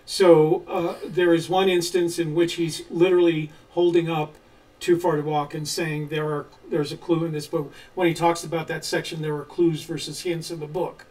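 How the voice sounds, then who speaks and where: A man with a slightly high voice explains things carefully in a relaxed live chat, pausing often on "uh". He sits a little back from the microphone. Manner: measured and explanatory, with frequent "uh" pauses. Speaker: co-host of a treasure-hunt channel. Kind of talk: casual live chat answering viewer questions. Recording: voice a little distant from the mic.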